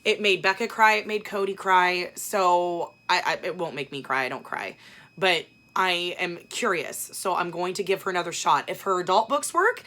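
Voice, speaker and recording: Bright-voiced woman ranting casually. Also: lowish voice, moderate pace. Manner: blunt, profane, animated ranting with many fillers. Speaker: book vlogger. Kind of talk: casual ranting book chat.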